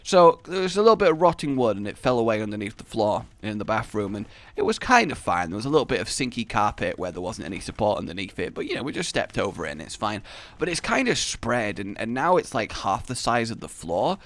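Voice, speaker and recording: Gaming host, animated delivery, bright tone, dry close mic, storytelling over play. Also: male voice, fairly low pitch, fast. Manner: rambling storytelling with frequent restarts, bursts of shouting and laughter. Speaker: gaming YouTuber. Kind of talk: casual gameplay commentary. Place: home office.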